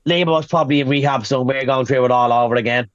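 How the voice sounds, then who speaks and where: A hoarse man with a Dublin accent, ranting about wrestling in a casual podcast chat. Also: mid-range voice, steady tone, racing, no room sound, muffled recording. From Ireland. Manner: profane, ranting. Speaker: podcast co-host.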